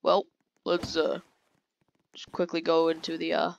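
A woman hosting her gaming channel, giving casual game commentary and exclaiming excitedly at what happens on screen. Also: low-pitched, a little slow, creaky, highs cut off, a little hiss or hum. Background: loud game music and gunfire.

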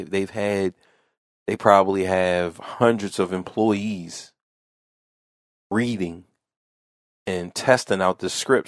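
A podcast host with a low voice tells a casual story in a rambling manner, repeating phrases and frequently starting over. The sound is clean studio audio with no echo.

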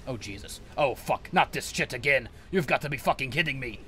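A man's voice: mid-range voice, lively intonation, a little fast, hardly any pauses, pushed and bright, slightly rough, faint music behind. A man narrating his own gameplay in a grumpy, swearing persona of an evil sorcerer, ranting at his helpers. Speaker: gameplay commentator. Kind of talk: in-character let's play commentary.

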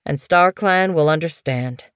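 A woman voicing a tired male cat leader who speaks in a calm, formal way. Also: deep voice, a little slow, clear, resonant tone, no room sound, studio quality. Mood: resigned. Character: weary male cat clan leader, resigned.

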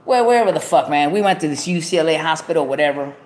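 Loud profane man. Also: on the high side, expressive, fast, slight background noise. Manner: profane, loud street slang. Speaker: podcast host. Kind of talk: casual storytelling. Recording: echoey room.

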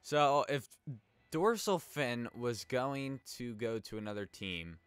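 Recorded dry, a man with a smooth mid-range voice and lively intonation speaks at a slow pace, giving rambling, casual let's play commentary on a hockey game and responding to every save.

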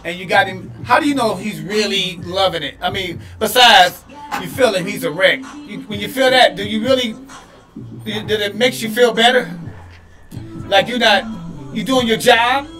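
A man co-hosting a podcast, joking loudly, laughing and exclaiming with teasing questions. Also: high-pitched, normal speed, soft background music. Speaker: podcast co-host. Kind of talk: loud joking banter.

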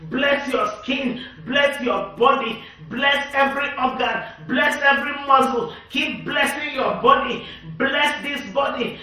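A woman preaches a sermon at a slow, deliberate pace, repeating each point with emphasis. Her voice sounds distant from the mic in a strongly echoing room. Her tone is bright. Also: high voice. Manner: repetitive, emphatic declarations.

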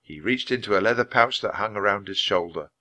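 A man reading a children's chapter book aloud at a clear, measured pace for English learners. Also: lowish voice, expressive, pushed and bright. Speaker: storybook reader.

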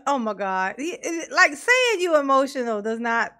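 A woman with a high voice gives sarcastic reaction commentary. She laughs often and answers the footage directly. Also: very animated, normal speed, sharp tone. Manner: sarcastic, laughing, talks back to the clip. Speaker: commentary channel host.

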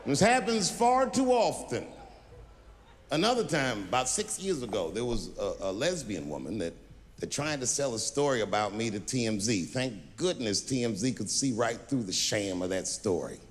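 A man performing stand-up comedy, telling stories with animated delivery and acting out voices. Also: mid-range voice, normal speed, slight background noise. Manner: animated storytelling, acts out voices. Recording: stand-up special in a large hall with audience.

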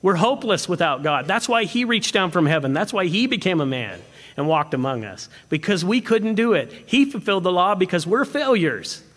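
Animated pastor in a reverberant hall. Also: male voice, high-pitched, moderate pace. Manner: animated, swinging from emphatic to hushed. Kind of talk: expository sermon. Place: church sanctuary.

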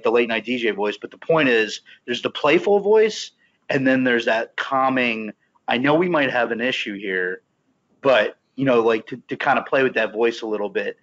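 A man's voice: mid-range voice, steady tone, brisk, fairly bright tone, muffled recording. A man talking casually on a podcast about a book, rambling with many restarts. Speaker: podcast team member.

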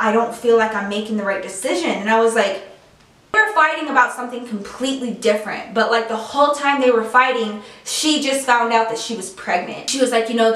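A woman's voice: a little high, fairly bright tone. A woman chatting to her viewers as she tells a personal story, full of "like" and "you know" fillers. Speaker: YouTube storyteller. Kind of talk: casual storytime monologue. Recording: echoey room, mic at a distance.

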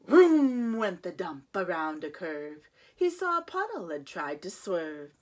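A woman, a preschool teacher, reading a children's picture book aloud with expressive, sing-song phrasing. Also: low voice, measured pace.

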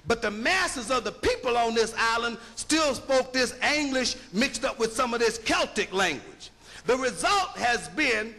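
High, bright-voiced man lecturing emphatically. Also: gravelly, long reverb tail. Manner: emphatic, preacherly, with rhetorical questions and spelled-out words. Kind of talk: public lecture.

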